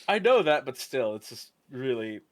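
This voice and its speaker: A man giving casual let's play commentary, joking and quick to laugh, on a desk mic. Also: medium pitch, very animated. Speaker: streamer.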